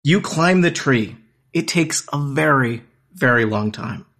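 A man acting as game master, narrating a text adventure aloud in plain, measured parser-style lines. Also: medium pitch, lively intonation, fairly bright tone.

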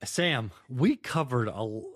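A man's voice: mid-range voice, lively intonation, a little slow. Blunt, dry-humored man. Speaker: podcast co-host. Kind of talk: casual chat.

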